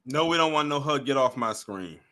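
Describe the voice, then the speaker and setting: Bright-voiced, animated male livestream host. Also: mid-range voice, fairly quick. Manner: animated, mocking, chats with viewers. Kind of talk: casual reaction commentary.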